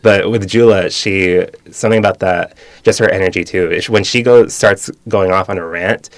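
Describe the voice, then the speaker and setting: A young man, a stand-up comedian from California, talking as a guest in a casual interview, quick and animated with frequent restarts. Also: deep voice, no echo. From Bakersfield, California. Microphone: studio mic.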